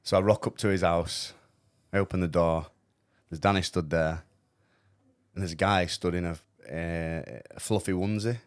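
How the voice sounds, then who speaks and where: Man, low voice, dry close mic, quick sweary storyteller for a podcast chat. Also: no room sound. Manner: swearing, animated anecdotes. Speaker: podcast guest.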